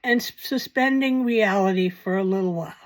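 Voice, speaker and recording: A woman's voice: medium pitch, brisk. A woman hosting a paranormal channel, talking in a casual, rambling commentary with wry, self-mocking asides.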